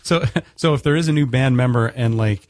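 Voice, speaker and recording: A male radio host from Canada with a middle pitch and a jokey, chatty way of talking. His voice sounds dry and close in the studio, with no room behind it. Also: brisk, dry recording. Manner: jokey, chatty, laughs often. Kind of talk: casual radio interview.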